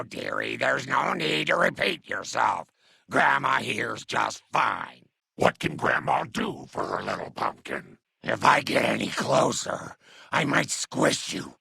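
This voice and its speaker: Man voicing Lily Bowen, gravelly mutant grandma. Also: mid-range voice, sing-song, takes it slowly, bright, forceful tone, no room sound, studio quality, heavily acted. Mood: doting. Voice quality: gravelly, raspy. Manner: doting, sing-song, calls everyone dearie. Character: kindly old grandmother super mutant, muddled and motherly. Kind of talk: video game voice dub.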